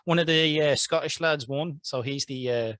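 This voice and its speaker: A man's voice: on the high side, normal speed, fairly bright tone, clean tone, dry recording. Rambling Irish man chatting casually. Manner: rambling, laughs often. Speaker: podcast co-host. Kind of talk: casual chat.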